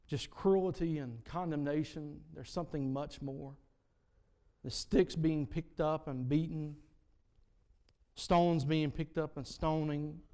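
A man preaching a sermon, retelling stories and building to repeated emphatic lines, his loudness rising and falling. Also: on the high side.

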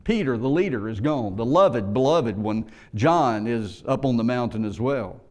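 A man preaching a sermon, retelling a scripture passage and rising in pitch and force as he pleads. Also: animated, measured pace, hardly any pauses, darkish tone. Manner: storytelling, reads scripture aloud, rises in pitch and force when pleading.

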